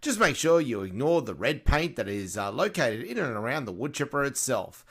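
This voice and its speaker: A man playing a cheesy TV ad pitchman in a parody advertisement, with a hard-sell delivery. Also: big pitch swings, moderate pace, husky. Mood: salesy. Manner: hard-sell ad read, barely holding back laughs.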